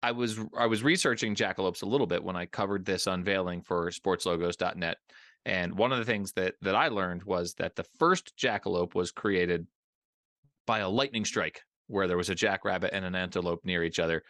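A man's voice: sits low, fairly quick, fairly bright tone, no room sound, studio quality. A man hosting a casual podcast interview, joking around and often repeating words as he talks. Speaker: podcast host.

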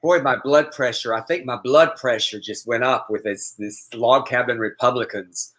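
A man's voice: medium pitch, normal speed, fairly bright tone. A man co-hosting a casual news commentary show, chatty and exasperated, with profane asides. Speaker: podcast co-host.

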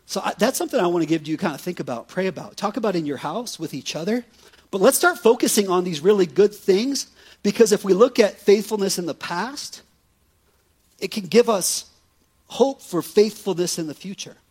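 Husky high-voiced male preacher. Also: normal speed. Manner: conversational, animated preaching with frequent "right?" asides. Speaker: pastor. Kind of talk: sermon.

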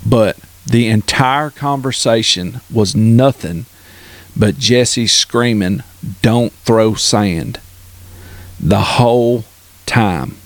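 A man teasing a friend in casual chat on a video call, playful and quick to laugh. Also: mid-range voice.

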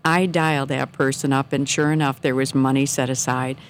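A middle-aged woman telling a personal faith story in casual, earnest talk, animated when she quotes her own thoughts. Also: extremely low pitch, moderate pace, slight background noise.

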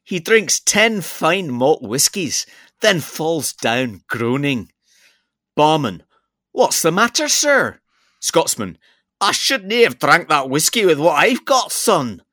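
A man telling a joke in a put-on Scottish accent, voicing a drunk Scotsman and a barman in high, loud, drawn-out voices. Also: sing-song, no room sound, studio quality, full character voice. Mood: joking.

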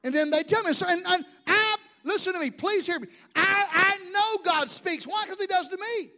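A male pastor preaching a sermon, animated and joking, full of restarts and asides. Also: extremely high pitch, a little fast.

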